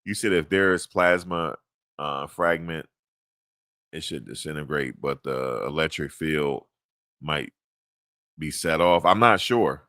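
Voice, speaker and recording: Laid-back deep-voiced man rambling. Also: slow, pauses often, sharp tone, no echo, clean studio sound. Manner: laid-back, rambling, chuckles at own jokes. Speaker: podcast host. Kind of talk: casual chat.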